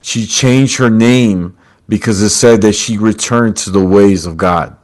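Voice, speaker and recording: A man's voice: lowish voice, a little mellow. A man hosting a podcast over a video call, retelling a story with quoted lines and calling his guest brother. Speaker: podcast host. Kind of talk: casual storytelling chat.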